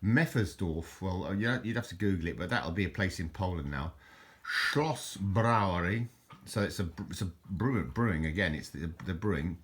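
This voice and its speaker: A man's voice: sits low, lively intonation, moderate pace, a bit bright. A man chatting casually in a show-and-tell vlog, rambling, correcting himself and stumbling over foreign words. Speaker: vlogger showing his bottle collection.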